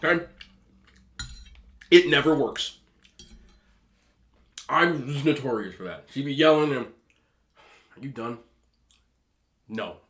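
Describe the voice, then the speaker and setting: A man in his thirties eating on camera, giving emphatic, animated relationship advice to other men and telling stories in a casual chat. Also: medium pitch, measured pace, long pauses, slight background noise. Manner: storytelling with repeated disapproving hums. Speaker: mukbang vlogger.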